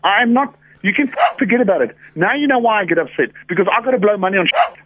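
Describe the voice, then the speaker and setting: A man's voice: high voice, animated, fast talker. A man with a South African accent on a phone call, ranting angrily about a bill with heavy swearing. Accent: South African English. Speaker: prank call victim. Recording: muffled phone line with noise.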